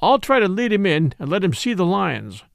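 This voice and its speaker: Male narrator voicing a growling, short-tempered cowboy wrangler in a western audiobook, gravelly. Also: high-pitched, very animated, normal speed, no room sound, studio quality, full character voice. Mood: doubtful. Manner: growling, commanding. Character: gruff male horse wrangler, quick-tempered.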